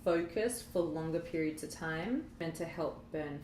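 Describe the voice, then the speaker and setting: A woman's voice: low voice, a little slow, a little mellow. A woman co-hosting a casual chat, talking animatedly and acting out quoted dialogue. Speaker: co-host. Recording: echoey room, faint background noise.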